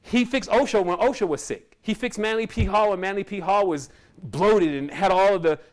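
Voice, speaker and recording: A man with a notably high voice tells a personal story about his spiritual path. He speaks casually and wanders between thoughts, often breaking into a laugh. As a spiritual teacher, he addresses his followers directly. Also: moderate pace. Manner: casual, rambling, with frequent laughs.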